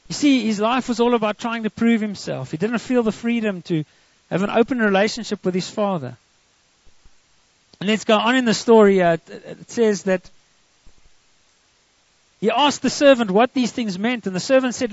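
A man preaches a sermon in a high, gravelly voice and breaks into dramatic quoted voices as he retells a story. The sound is dry and dull, like a lo-fi recording. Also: moderate pace, no echo.

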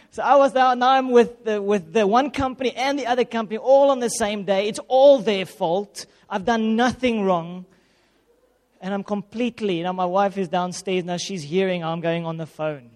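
A man, a pastor, telling a lively, self-mocking personal story in a sermon. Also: sits high, normal speed. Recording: long reverb of a hall.

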